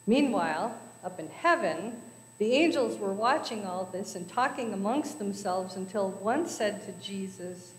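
A woman's voice: medium pitch, lively intonation, measured pace. Brief: woman joke-teller in a church, storytelling style, long hall reverb. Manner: storytelling with voices for characters. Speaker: speaker at a church service. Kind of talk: telling jokes to a congregation. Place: church sanctuary.

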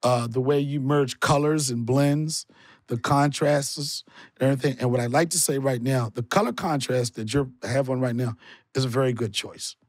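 Animated joking man with a husky voice. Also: normal speed, no echo, studio quality. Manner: animated storyteller, swears freely, jumps pitch for punchlines. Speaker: comedian podcast host. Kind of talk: casual comedic chat.

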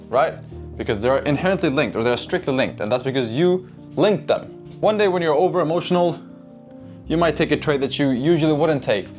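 A man's voice: medium pitch, darkish tone. A man giving a casual trading lesson, cursing freely, addressing his chat and tagging lines with "right?". Faint music sits underneath. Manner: profane, keeps asking "right?", addresses chat. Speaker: trading educator.

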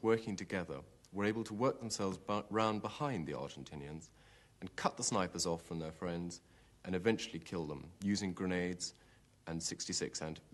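Deep-voiced man, matter-of-fact war account. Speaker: army platoon commander recalling a battle. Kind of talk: documentary interview recollection.

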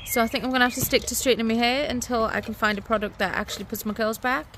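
Chatty woman, bright higher voice. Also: very fast, a little hiss or hum. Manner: chatty, laughs often, expressive. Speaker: vlogger and mother. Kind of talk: casual chat to camera. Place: outdoors in a garden.

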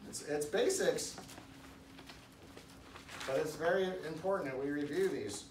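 A man's voice: a little high, measured pace. Male pastor, casual sermon, rambling, emphatic bursts, roomy echo, faint noise. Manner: loose, rambling preaching with restarts, rising to loud emphatic bursts. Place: church hall. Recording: echoey room, distant mic, faint background noise.

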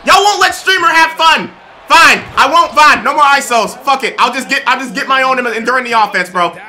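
A young man streaming a basketball video game, cursing and shouting in exasperation. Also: very high voice, fairly quick. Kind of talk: live gameplay stream. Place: home streaming setup.

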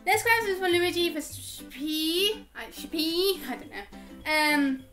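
This woman's voice is extremely high, expressive, slow, and pushed bright, set over soft background music. As a gaming YouTuber in a casual Q&A vlog, she chats through viewer questions with frequent giggles and ums.

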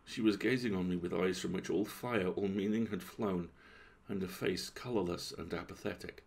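A man reading a classic story aloud as a bedtime story, in a calm, measured, gravelly voice. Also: low voice.

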